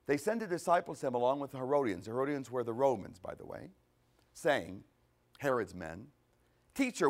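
A man preaching a conversational sermon, animated, asking rhetorical questions and answering them himself. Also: medium pitch. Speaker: pastor.

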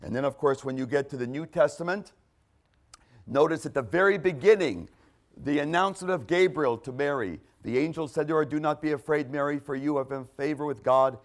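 A man's voice: fairly high pitch, fairly quick. A man preaching a sermon, reading scripture aloud and pressing his points with emphatic bursts. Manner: emphatic, quoting scripture with rising intensity.

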